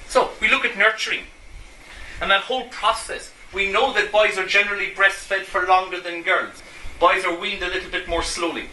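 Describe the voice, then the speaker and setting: A man lectures to an audience in an echoey room, with a faint hum of ambience behind him. His voice is very bright and sits a little high. He keeps asking the listeners rhetorical questions and acts out everyday scenes as he teaches. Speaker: Gestalt therapist giving a talk.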